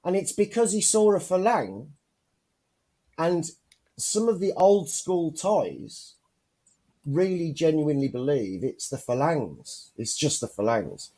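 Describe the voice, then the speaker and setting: A man's voice: fairly high pitch, takes it slowly, husky. A man co-hosting a casual chat show, telling stories and swearing constantly. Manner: swears constantly, animated storyteller. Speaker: podcast co-host.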